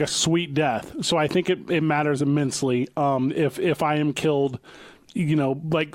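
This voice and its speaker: A man co-hosting a casual comedy podcast, talking in a deadpan, mock-lecturing way. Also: fairly high pitch, dry recording. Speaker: podcast co-host.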